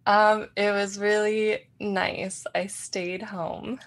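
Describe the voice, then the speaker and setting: A woman's voice: medium pitch, little pitch movement, very slow. A woman co-hosting a casual podcast chat, laughing often and reacting briefly. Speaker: podcast co-host.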